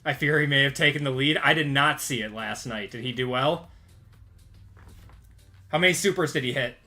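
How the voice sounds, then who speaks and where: A man's voice: mid-range voice, moderate pace, pushed and bright, faint music behind. A man hosting a casual livestream, upbeat and greeting viewers by name as they join. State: out of breath. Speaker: card break livestream host. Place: home.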